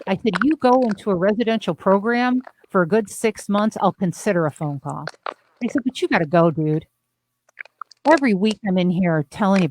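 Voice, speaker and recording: A woman's voice: medium pitch, lively intonation, brisk, noisy background. A woman therapist hosting a podcast, telling blunt, emphatic stories in candid talk. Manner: blunt, emphatic storytelling with swearing.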